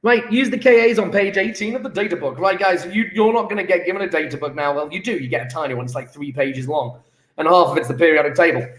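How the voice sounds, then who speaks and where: A chatty man teaching chemistry, his voice sitting a little high for a man. He thinks aloud and gets enthusiastic as he works through homework answers. The sound bounces around an echoey room. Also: quick pace, fairly bright tone. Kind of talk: recorded homework review lesson. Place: classroom.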